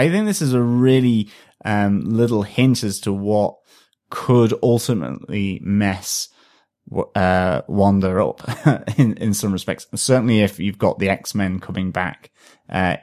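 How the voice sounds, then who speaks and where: Podcast co-host, man, low and slow-spoken, halting with ums and uhs. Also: darkish tone. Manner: hesitant, many fillers. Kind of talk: casual film review chat.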